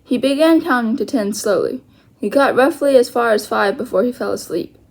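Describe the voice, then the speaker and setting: A woman's voice: a little high, expressive, creaky, darkish tone. Woman reading a children's book aloud. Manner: slow careful reading with small self-corrections. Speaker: storyteller.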